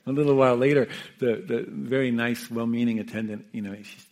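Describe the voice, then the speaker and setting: A man, a meditation teacher who sat with the dying, gives an unhurried, reflective talk, often checking in with his listeners. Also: mid-range voice, steady tone. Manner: gentle, unhurried, often asks "Yeah?" and "you know". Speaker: meditation teacher and hospice caregiver.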